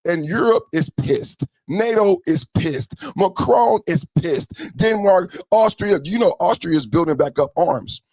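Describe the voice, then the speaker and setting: A man hosting a podcast, giving heated, profane political commentary and often shouting. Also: sits high, animated, unhurried, few pauses, dry recording. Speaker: podcast host.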